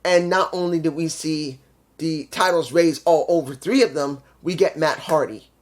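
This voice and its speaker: A man's voice: a little high, moderate pace. A man giving a casual spoken review of a wrestling show, ranting with frustration and heavy swearing.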